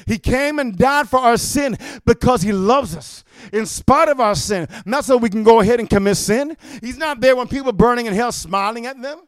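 A male preacher with a high, smooth, resonant voice delivers a fiery sermon. He shouts often and keeps calling "amen?" to his congregation. The sound is dry and close, with no room echo. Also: normal speed, few pauses.

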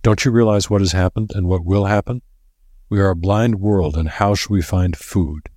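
A man voicing a grim, solemn old professor with a deliberate way of speaking, in a read-aloud story. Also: low voice, steady tone, dark tone, no echo, studio quality, natural voice.

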